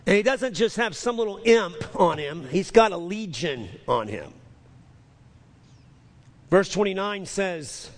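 Male pastor preaching, high voice, stammering restarts, emphatic repeats, hall reverb. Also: lively intonation, unhurried, long pauses. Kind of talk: sermon.

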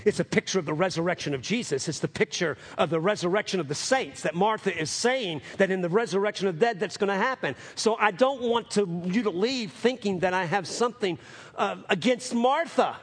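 Male pastor, husky voice, sermon delivery with big swings from loud to hushed. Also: lively intonation, moderate pace. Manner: rising to emphatic highs, dropping to hushed lows; calls for amens from the congregation.

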